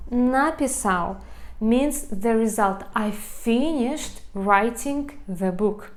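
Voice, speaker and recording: A woman with a Russian accent teaching a language lesson online, explaining step by step with frequent fillers and restarts. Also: a little high.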